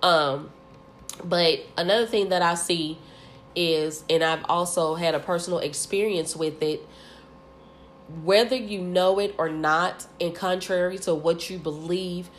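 Earnest forties woman, co-host; lowish voice, emphatic, repeats herself, faint background noise. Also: fairly even intonation, measured pace. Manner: earnest, emphatic, repeats words, many fillers. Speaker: co-host, cheer coach and mother. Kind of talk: casual podcast discussion.

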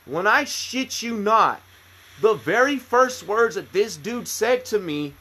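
A man in his thirties with a slightly high, husky voice. He rambles through a story with constant profanity, cutting himself off and starting again, in a loose, casual podcast chat. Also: expressive, takes it slowly, bright, forceful tone. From United States. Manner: profane, rambling, many restarts. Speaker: podcast co-host, military veteran.

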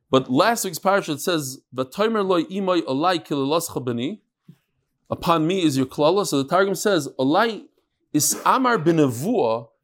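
A man teaching a casual study-group class, chanting lines and then explaining them with restarts and joking asides. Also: sits high. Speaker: Talmud teacher.

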